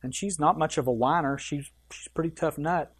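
A male pastor delivering a sermon in a church, his voice swinging from loud, stressed phrases down to quiet, low asides. He speaks straight to the people in the pews and puts questions to them. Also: brisk, slightly rough. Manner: emphatic preaching with wide swings in loudness and pace; addresses the congregation directly with questions.

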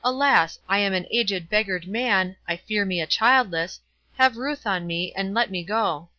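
A woman's voice: mid-range voice, unhurried, pushed and bright, no echo, highs cut off. A woman reading the part of a terrified old man who pleads fearfully for mercy. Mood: pleading.

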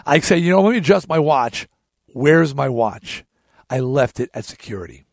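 A man hosting his own show, telling a story in a casual, animated monologue with frequent restarts. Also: medium pitch, normal speed, vocal fry, dry recording, clean studio sound. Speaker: show host.

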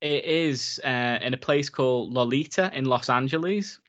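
A relaxed man talking films on a podcast. His voice sits in a middle register, and he rambles loosely with plenty of fillers. He slips into reading notes aloud now and then. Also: medium pitch, normal speed, muffled recording. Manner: laid-back, rambling with many "like"s, reads facts aloud. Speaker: podcast co-host. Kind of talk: casual film chat.

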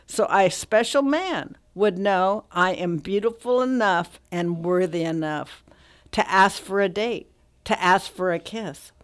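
A woman guest in a radio studio, speaking earnestly and reading a poem aloud in a measured way. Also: mid-range voice. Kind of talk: poetry reading and casual radio talk.

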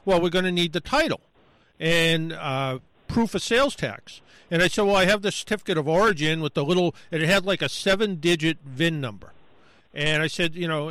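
A man's voice: fairly high pitch, a bit bright, no room sound, poor audio. A man telling a long casual story on a talk show, rambling and acting out what people said to him. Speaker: guest storyteller.

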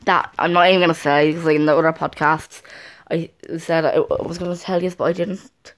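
A woman's voice: sits low, steady tone, a little fast. A young woman chatting casually to camera at home, rambling and often restarting her sentences. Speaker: vlogger.

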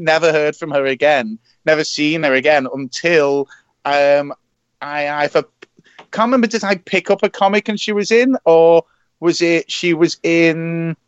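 A man's voice: a little high, measured pace, clean tone, dry recording, muffled recording. A man co-hosting a podcast in casual chat, rambling with many restarts. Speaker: podcast co-host.

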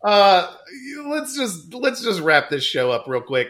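A man's voice: high-pitched, big pitch swings, unhurried, a bit bright. A man hosting a casual podcast chat, upbeat and laughing often as he steers the talk. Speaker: podcast host.

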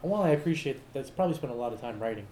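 Mellow, easygoing man co-host. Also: mid-range voice, lively intonation, rapid-fire, echoey room, slight background noise, low-quality recording. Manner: loose, repeats himself, swears casually. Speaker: podcast co-host. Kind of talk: casual chat.

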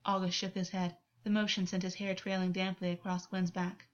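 A woman reading a story aloud as narrator in an even, unhurried way. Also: fairly low pitch. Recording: dull lo-fi recording.

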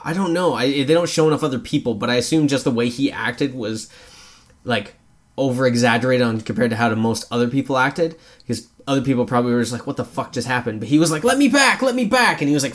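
A man co-hosting a casual movie review podcast, talking loosely, swearing and acting out scenes in raised voices. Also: medium pitch. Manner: animated, acts out quotes in raised voices, swears freely. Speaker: podcast co-host.

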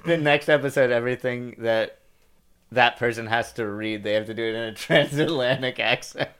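A man's voice: mid-range voice, moderate pace, a bit bright, clean tone. A man co-hosting a podcast in casual comedic chat, joking and laughing often. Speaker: podcast co-host.

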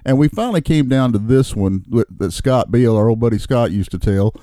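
A man's voice: medium pitch, lively intonation, brisk, mellow, no echo, clean studio sound. Easygoing male guest telling jokes. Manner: easygoing storyteller. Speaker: returning podcast guest. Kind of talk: casual chat and joke telling.

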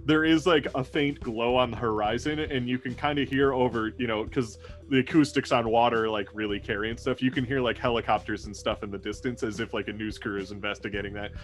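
A man at a mid-range pitch runs a tabletop role-playing game as its game master. He narrates in a halting way, stopping and restarting with plenty of fillers. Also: fairly even intonation, faint music behind.

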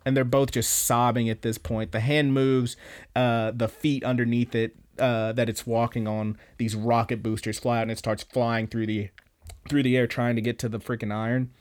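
A young male podcast host walks through an anime episode in a casual, animated way, swearing freely. His voice sits at an ordinary middle pitch. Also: normal speed.

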